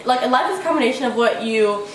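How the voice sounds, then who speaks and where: Brief: young woman vlogger, quick and rambling, high voice, mic at a distance with faint ambience. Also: expressive, a bit bright, a little hiss or hum. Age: young adult. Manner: rambling, full of "like", swears freely. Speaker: vlogger giving relationship advice. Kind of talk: casual advice vlog. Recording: echoey room, away from the mic, faint ambience.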